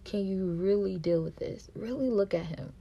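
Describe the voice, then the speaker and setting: A woman podcast host, telling a personal story in a monologue and acting out quarrels in a louder, higher voice. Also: normal speed, gravelly, muffled recording. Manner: reenacts quarrels with raised pitch and volume.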